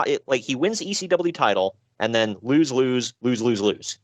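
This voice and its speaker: Lively man chatting casually. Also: medium pitch, normal speed, dry recording. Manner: animated, laughing, sighing, fillers. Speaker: podcast co-host. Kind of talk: casual chat.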